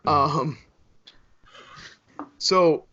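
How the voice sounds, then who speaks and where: A man's voice: fairly high pitch, extremely slow, bright, forceful tone. Wry podcast man on a lo-fi laptop. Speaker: podcast co-host. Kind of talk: casual chat. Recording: dull lo-fi laptop call audio.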